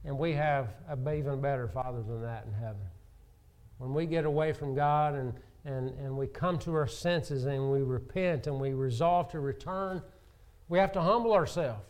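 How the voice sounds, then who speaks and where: A man's voice: mid-range voice, normal speed, darkish tone. A man preaching a sermon, earnest, who rises and falls for emphasis and acts out quoted speech. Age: adult with children.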